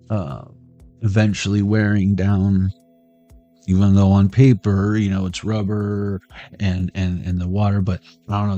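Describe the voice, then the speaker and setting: Rambling low-voiced man reading tarot. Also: warm tone, muffled recording. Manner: jokey, tangential, talks to viewers. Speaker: tarot reader.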